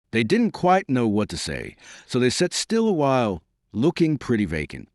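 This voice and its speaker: A man narrating an audiobook novel in a reverent, measured storytelling manner. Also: medium pitch, huge pitch swings, no room sound, clean studio sound. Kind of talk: scripted narration.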